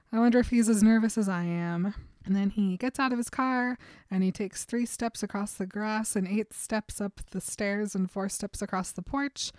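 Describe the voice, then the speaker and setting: A woman's voice: mid-range voice, a little mellow, smooth, no echo, clean studio sound. A young adult woman co-hosting a podcast, retelling a novel in casual chat, chatty and often giggling. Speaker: podcast co-host.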